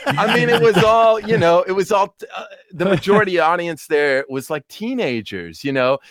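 A man in his thirties, a podcast guest, telling stories in an animated, chatty way with quick asides. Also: sits high, no echo, studio quality. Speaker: podcast guest, polka band musician. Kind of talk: casual chat.

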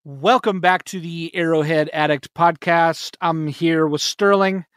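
A man's voice: a little high, fairly even intonation, fairly bright tone, clear, resonant tone, no echo, studio quality. A man hosting a casual sports podcast, jokey and upbeat. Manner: jokey, upbeat, quick laughs. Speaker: podcast host.

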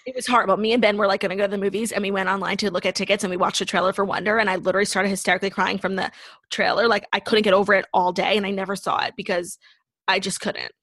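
A woman's voice: mid-range voice, flat delivery, very fast, fairly bright tone, dry recording. A woman co-hosting a podcast in casual chat, constantly saying "like" as she talks. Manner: chatty, fills speech with "like". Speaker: podcast co-host.

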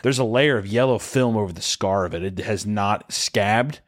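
Drunk guy rambling thru a crude story, swears a lot, suddenly yells high for bits. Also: moderate pace. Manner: profane, rambling, leaps into shrill screams for bits. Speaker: podcast co-host. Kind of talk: comedic storytelling.

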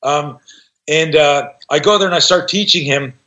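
A man's voice: fairly high pitch, normal speed. A man in his sixties, a self-defense instructor, telling a story in a conversation. He swears freely and acts out the voices of the people in his story. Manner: profane, animated, acts out voices in his stories. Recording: dull lo-fi sound.

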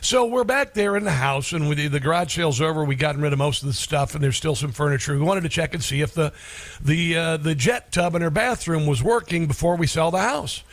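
Brief: middle-aged male talk radio host, slightly high voice, halting delivery, dry studio mic. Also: no echo. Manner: halting, many restarts and fillers. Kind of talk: personal story on talk radio.

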